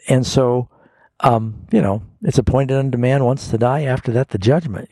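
Gravelly dark-voiced pastor answering callers. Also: male voice, medium pitch, no echo. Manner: explanatory, folksy, patient. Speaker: radio Bible program host, pastor. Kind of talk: call-in Bible answers.

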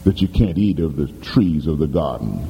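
A man preaching voices a smooth, sly male devil who coaxes in disguise, drawing his words out low and slow. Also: expressive, dark tone, long reverb tail, a little hiss or hum, exaggerated voice. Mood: sly coaxing.

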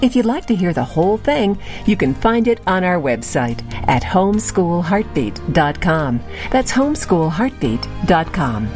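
A woman's voice: lowish voice, big pitch swings, a little slow, hardly any pauses, darkish tone, faint music behind. A woman announcing a radio program in an upbeat promotional read.

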